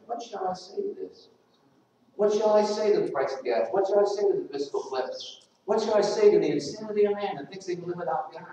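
A high-voiced man with a dark tone delivers a sermon in a church sanctuary, speaking conversationally and posing questions to the congregation. The recording is echoey and dull, with the mic placed far away.

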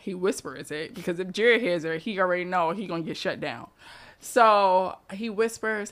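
A woman, co-hosting a casual podcast and telling lively family stories, acting out her children's voices. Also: on the low side, normal speed. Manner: animated storytelling, acts out her kids' voices. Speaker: podcast co-host. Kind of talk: casual chat.

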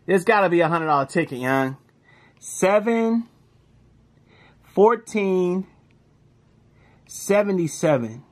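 Slow-talking DC-man scratching lottery tickets. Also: high-pitched. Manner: reads numbers aloud, slangy, bursts into excited shouts. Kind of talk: casual commentary while scratching tickets.

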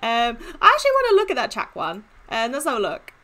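A woman giving casual gaming commentary as she opens in-game chests, gushing and excitable. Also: a little high, fast. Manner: excitable, gushing, squeals with delight. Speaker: gaming YouTuber.

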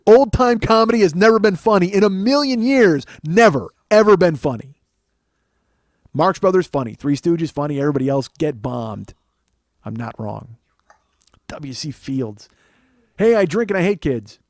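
A comedian in his forties rants through a comic story, swearing freely and staying animated throughout. His voice sits fairly high for a man. It is recorded close and dry, with no room sound. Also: moderate pace, dry recording. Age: 40s. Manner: animated, ranting, profane. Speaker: comedian podcast host.

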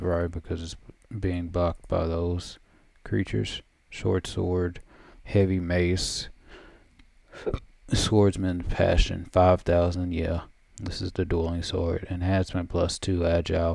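A man's voice: sits low, gravelly, mellow, dry recording. A man thinking aloud while playing a fantasy game, mumbling numbers and item names. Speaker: gameplay commentator. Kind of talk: casual let's-play commentary.

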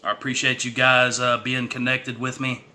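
A man's voice: medium pitch, monotone, moderate pace, bright, forceful tone. A middle-aged man from Texas with a Southern accent, chatting casually to the camera in a folksy way and hyping himself up. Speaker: YouTube creator. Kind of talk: casual eating challenge vlog.

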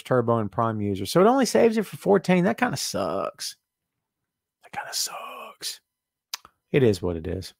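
A chatty man hosts a live wrestling show, his voice pitched a little high and recorded close and dry with no room sound. He talks to viewers by name, makes sarcastic asides and hums under his breath while he fiddles with settings. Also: vocal fry, no room sound. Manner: chatty, sarcastic, reads chat aloud. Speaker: wrestling podcast host. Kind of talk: live-streamed casual commentary.

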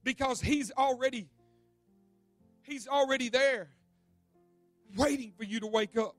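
High-voiced preacher telling a dramatic story. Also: male voice, measured pace, long pauses, no room sound, faint music behind. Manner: dramatic storytelling with repeated words, swings from loud to hushed. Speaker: pastor. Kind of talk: evening church sermon. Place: church sanctuary.

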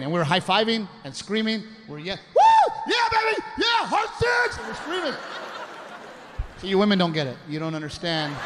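A man with a high voice tells a crude, animated stand-up story about himself. He is recorded on a club stage through a handheld mic, with clear background noise in the room. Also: in a large hall. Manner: animated storyteller with crude, self-mocking punchlines. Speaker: stand-up comedian. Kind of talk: stand-up routine.

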